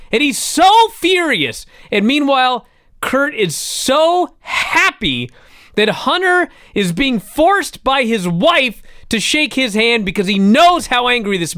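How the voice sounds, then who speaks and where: A man co-hosting a casual chat show, retelling events with excitable, profane storytelling. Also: very high-pitched, measured pace, no room sound, clean studio sound. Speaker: podcast co-host recapping wrestling.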